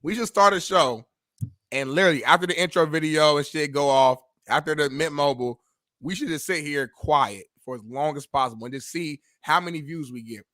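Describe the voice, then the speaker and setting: A man's voice: a little high, fairly quick, bright, forceful tone, no echo, clean studio sound. A man co-hosting a casual sports podcast, laid-back and profane. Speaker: show co-host.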